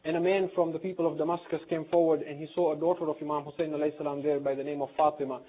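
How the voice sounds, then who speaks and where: A man's voice: a little high, flat delivery, racing. A man giving a sermon, retelling a tragic story with impassioned, mournful intensity. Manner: impassioned, voice rising toward a mournful cry. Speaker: Islamic lecturer. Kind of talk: sermon retelling a historical tragedy. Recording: tinny phone-like sound.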